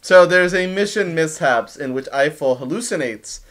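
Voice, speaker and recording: A man co-hosting a casual fan Q&A, thoughtful and hedging, quick to laugh. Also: on the high side, lively intonation, a bit bright. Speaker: podcast co-creator answering fan questions. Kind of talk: casual group chat.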